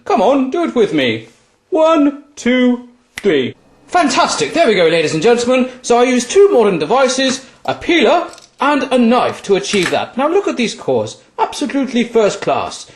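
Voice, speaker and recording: A man's voice: extremely high pitch, echoey room, exaggerated voice. A man playing his jolly great-great-granddad with a put-on English accent that keeps slipping into Australian, presenting like a documentary host. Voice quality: hammy and chipper, documentary-presenter manner. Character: jolly old-timey male ancestor, great-great-granddad. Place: home kitchen.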